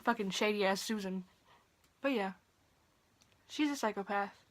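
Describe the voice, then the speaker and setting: A young woman telling a story in a casual vlog from her bedroom at night, profane and animated, sometimes dropping to a whisper. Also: medium pitch, measured pace, slight background noise. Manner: drops to a whisper at times. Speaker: vlogger.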